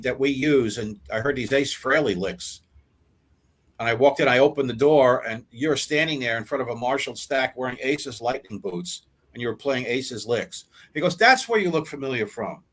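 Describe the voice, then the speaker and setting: Here the older rocker's voice sits mid-range with a fairly bright tone, moving at a moderate pace. Spinning stories for a casual interview, he performs the lines he quotes and keeps stumbling into repeats and restarts.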